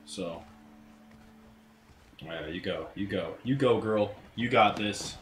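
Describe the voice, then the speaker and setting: A man casually commentating a video game, crude and heavy on the swearing, who breaks into sudden loud outbursts. His voice sits on the low side. The recording is roomy and echoey, with faint noise underneath. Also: slow pace. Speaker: let's play gamer.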